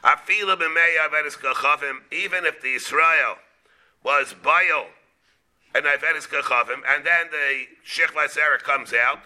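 A rabbi delivers a Talmud class in a strikingly bright, tense voice that sits fairly high for a man. He talks haltingly, restarts and repeats words, and weaves Hebrew and Aramaic terms into plain English.

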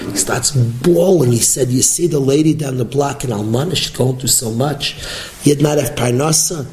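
Animated rabbi with a high-set voice. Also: male voice, reverberant, rough recording. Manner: animated, storytelling, mixes in Hebrew and Yiddish terms. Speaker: rabbi giving a Torah class. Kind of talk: sermon-style Torah lecture.

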